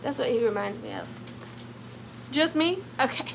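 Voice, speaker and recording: A young woman runs a casual home sale of vintage finds. Her voice sits high and bounces all over the place, bubbly and playful. A faint hiss of room noise lies underneath. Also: animated, unhurried, gravelly. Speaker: online vintage seller. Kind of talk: casual live sale chat.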